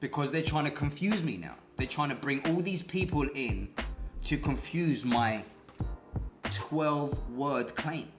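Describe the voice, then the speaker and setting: A man's voice: a little high, moderate pace. A man talking to camera about a legal fight, aggrieved and emphatic, often acting out both sides of a conversation. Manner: aggrieved, emphatic, talks in quoted dialogue. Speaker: vlogger. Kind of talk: commentary to camera. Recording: echoey room with background music.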